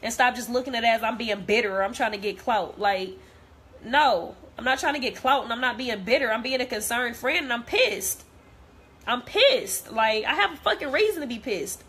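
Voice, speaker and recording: A woman's voice: on the high side, moderate pace, a bit bright, breathy edge. A young woman talking straight to camera, blunt and heated, repeating herself as she vents. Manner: blunt, repetitive, heated, profane. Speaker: vlogger. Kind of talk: direct-to-camera rant.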